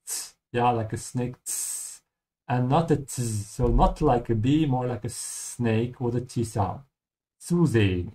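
A man's voice: medium pitch, a little mellow. Male language teacher, patient, explanatory, playthrough lesson. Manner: patient, explanatory, repeats words slowly.

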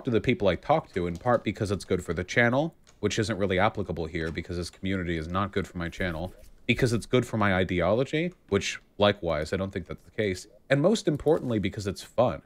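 A man giving heated livestream commentary, animated and mocking, with frequent fillers. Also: sits low, quick pace. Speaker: streamer.

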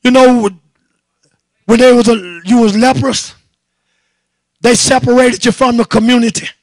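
Pastor, man, very high voice with gravel, fervent shouted sermon, dry close sound. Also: fairly even intonation, a little slow, dry recording. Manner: fervent shouted preaching with repeated "my God" refrains; calls on the congregation to answer back.

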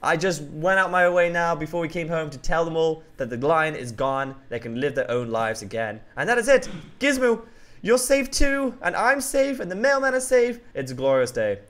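A man hosting a game roleplay who talks excitably and keeps yelling out names and exclamations. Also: a little high, normal speed.

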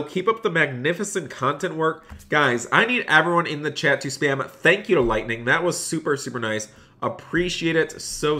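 A man's voice: fairly high pitch, pushed and bright. A man live-streaming a game role-play as a phone store clerk, with upbeat salesman patter, repeating his lines and thanking his chat in between.

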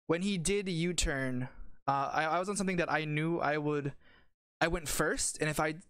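An excited young man chatting casually on a voice call. His voice sits a bit high for a man, and the sound is dry and close. He rambles and restarts his sentences, calling his friend bro. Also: moderate pace, smooth, no room sound. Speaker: channel host and competitive player. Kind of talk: casual chat.

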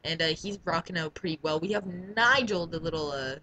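A man's voice: fairly high pitch, fairly quick, pushed and bright, a little hiss or hum, low-quality recording. A man co-hosting a let's play, chatting casually and laughing often as he comments on the game. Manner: giggly, rambling, jokey.

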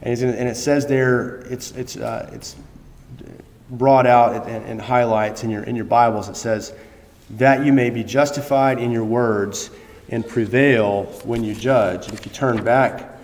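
A male pastor giving an informal, conversational sermon in a church, telling a story with animated retellings, frequent restarts and rhetorical questions. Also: medium pitch, measured pace. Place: church sanctuary. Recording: echoey church hall with long reverb.

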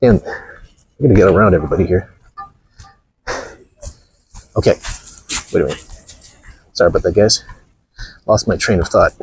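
A man's voice: sits low, normal speed, gravelly, long pauses, darkish tone, slight background noise. A man vlogging outdoors with a phone camera, blunt and mocking, rambling through stories as he walks. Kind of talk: casual walking vlog talk.

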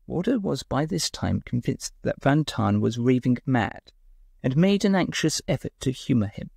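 A man narrating a short story in an expressive, lilting way. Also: mid-range voice, normal speed, vocal fry, breathy edge, no echo, studio quality. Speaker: audiobook narrator.

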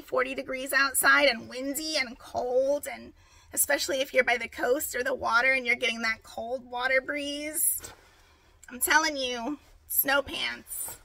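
A woman with a hoarse, raspy voice, chatting upbeat and direct to viewers in a casual how-to vlog. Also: sits high, sharp tone, rough recording. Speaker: vlogger.

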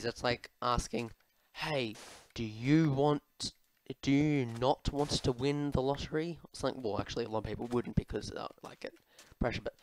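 A man's voice: medium pitch, fairly bright tone, smooth, low-quality recording. A young man rambling through viewer questions while he plays a game, full of ums, restarts and self-mocking asides, his throat a little sore. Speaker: gaming video host. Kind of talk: casual commentary while playing.

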